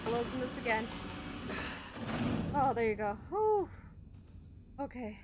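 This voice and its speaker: A woman's voice: on the high side, big pitch swings, slow pace, heavy background noise. A woman gaming streamer giving jumpy, easily scared let's play commentary with constant exclamations.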